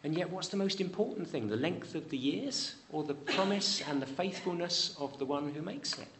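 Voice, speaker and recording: A man preaching a sermon in a church. He rises high on pleading questions and drops low and soft on promises. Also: expressive, moderate pace, noisy background.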